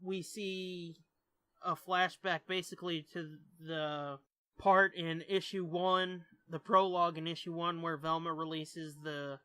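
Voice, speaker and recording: A man's voice: a little high, flat delivery, a little slow, sharp tone, smooth, no room sound. A man co-hosting a podcast, chatting casually about comics, laid-back and swearing freely. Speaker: podcast co-host. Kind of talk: casual comic-book review chat.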